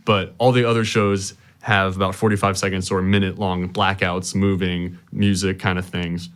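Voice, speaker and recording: A man's voice: sits low, little pitch movement, normal speed, fairly bright tone, clean tone. A teenage boy talking earnestly as a student guest, often repeating words as he restarts. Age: teens. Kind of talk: casual interview chat.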